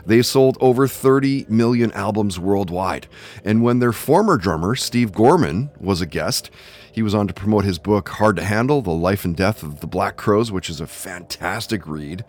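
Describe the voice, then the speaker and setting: An easygoing man hosting a podcast, his voice sitting a little low. He moves between a read-out guest introduction and relaxed chat. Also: moderate pace. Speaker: podcast host.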